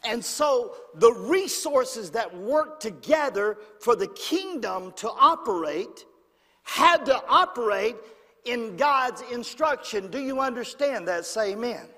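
A man's voice: very high-pitched, lively intonation, slow pace, bright, forceful tone. A man preaching a sermon in a church, calling on the congregation to say amen. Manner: call-and-response, demanding amens. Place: church sanctuary. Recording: long church reverb.

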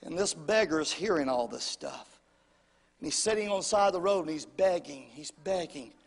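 A male preacher telling a story in a sermon, swinging from shouts to whispers and calling out to the congregation. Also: fairly high pitch, lively intonation, normal speed, creaky, big-room sound.

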